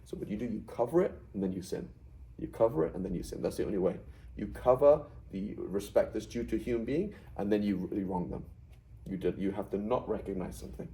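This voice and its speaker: A man's voice: lowish voice, fast talker, mellow, low-quality recording. A middle-aged man teaching a Quranic Arabic class in a conversational way, often checking with "right?". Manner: explains with frequent "right?" checks.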